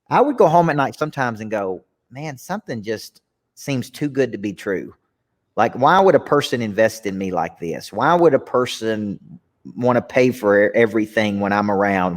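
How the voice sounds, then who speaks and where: A man's voice: medium pitch, long reverb tail. A man, talking earnestly and reflectively as a guest coach in a candid interview, often restarting his sentences. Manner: earnest, reflective, repeats words when starting sentences.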